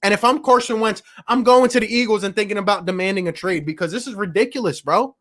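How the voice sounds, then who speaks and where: Hosting a live post-game sports show, a man with a strikingly high, somewhat bright voice rants fast with exasperated passion. He leans on slang like "bro" and "my guy" and sighs over every bad call.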